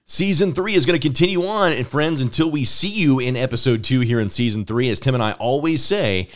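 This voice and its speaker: A man's voice: mid-range voice, brisk. A man hosting a casual podcast, enthusiastic and repeating words as he starts his thoughts. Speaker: podcast host.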